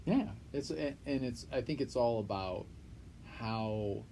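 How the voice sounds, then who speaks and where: A young man co-hosting a podcast, chatting casually and telling stories with lots of swearing and loud acted-out quotes. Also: mid-range voice, measured pace, vocal fry, a little hiss or hum, poor audio. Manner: animated storyteller, swears freely, acts out quotes loudly. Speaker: podcast co-host. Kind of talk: casual chat.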